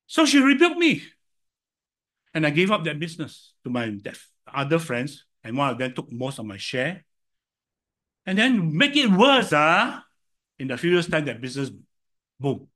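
An older man with a Singaporean English accent preaching a sermon, telling stories and swinging from loud to soft. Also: on the high side, big pitch swings, normal speed. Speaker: pastor.

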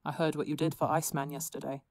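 A woman's voice: deep voice, level tone, fast, a little mellow, dry recording, clean studio sound. A woman doing a sheepish young supervillain. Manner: apologetic, hesitant.

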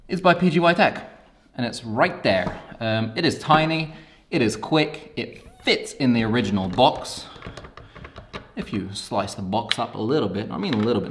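A man talking casually and excitedly about camera gear in a video review, out of breath and rambling a little as he hypes it up. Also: on the low side, slight background noise.

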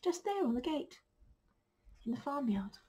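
A woman teacher reading a picture book aloud to children, gentle and slow, sometimes dropping to a soft whisper. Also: high-pitched, big pitch swings.

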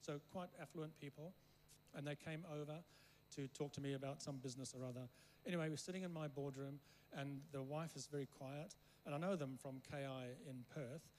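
A man's voice: on the high side, steady tone, fairly quick, darkish tone, a little hiss or hum, rough recording. A man who grew up in Africa and learned English as a second language, preaching as a guest speaker through long rambling stories, often checking in with the listeners. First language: not English. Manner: rambling anecdotes, keeps checking in with the room. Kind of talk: storytelling sermon.

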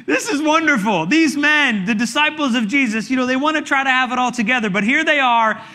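A man preaching a sermon as pastor, telling the story dramatically with sudden shouts and hushed asides. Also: very high voice, a little fast, few pauses.

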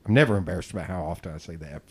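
A man's voice: sits low, very fast, husky. A man hosting a podcast, telling rambling, self-deprecating stories in casual chat and swearing freely. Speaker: podcast host.

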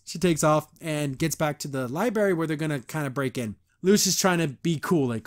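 A man's voice: fairly high pitch, lively intonation, fairly quick. A man hosting a podcast, casually recapping a cartoon episode, rambling with lots of "like" and acting out the lines he quotes. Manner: rambling, full of "like", acts out quotes.

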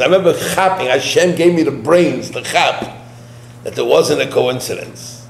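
A male rabbi giving a sermon-style lesson, emphatic and full of rhetorical questions, who tells a personal story with animated retelling. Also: on the high side, moderate pace, vocal fry. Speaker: rabbi teaching a weekly lesson. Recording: roomy with a faint hum.

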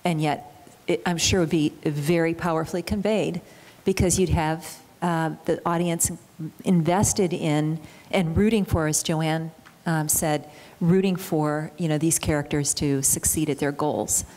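A woman facilitating a conference workshop, giving measured, encouraging feedback and calling on the next group. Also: low-pitched, steady tone, a little mellow, in a large hall.

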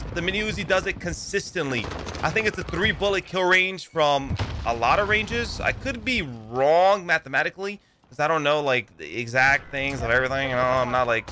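A young man with a slightly higher voice talks over his own shooter gameplay in a loose, excitable stream of chatter. He swears freely and breaks into yells when the fighting heats up. Gunshot sounds run clearly behind his voice. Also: noisy background. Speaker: gaming YouTuber. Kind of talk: live gameplay commentary.

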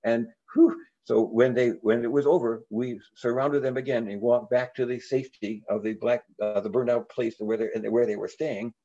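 An older man, a reverend, telling a story in an interview in an earnest way, with frequent halting restarts. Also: medium pitch, fairly even intonation, mellow, lo-fi sound.

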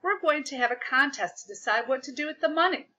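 A cheery, showy man running a school, as a woman reads him aloud. The voice sits high and swings widely, bright and forceful. The recording sounds dull and lo-fi. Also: expressive, fast talker. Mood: upbeat.

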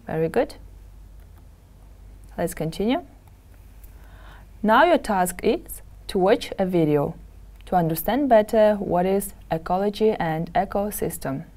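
Speaking in a mid-range, expressive voice with a darkish tone, a woman leads a televised English class. Each word gets carefully sounded out and repeated for the students to echo back in slow, methodical drills.

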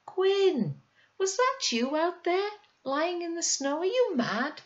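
High fussy mum scolding her boy, woman reader doing it, bit muffled. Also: very animated, takes it slowly, heavily acted. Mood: alarmed scolding. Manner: fussing, exasperated. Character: worried, scolding Welsh village mother.

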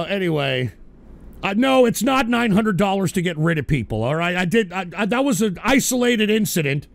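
A man hosts an online awards segment, swearing and ranting. His voice is high and gravelly, and it swings widely in pitch. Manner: profane, shouty, animated. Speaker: online show host.

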